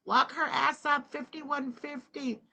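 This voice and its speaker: A woman in her forties hosting a livestream reaction, loud, mocking and swearing, yelling often. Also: sits high, fairly even intonation, slow, creaky.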